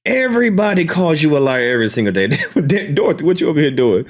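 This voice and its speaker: A man's voice: on the high side, sing-song, fast. A man reacting to clips with casual, dismissive commentary, amused and blunt. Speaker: commentary host.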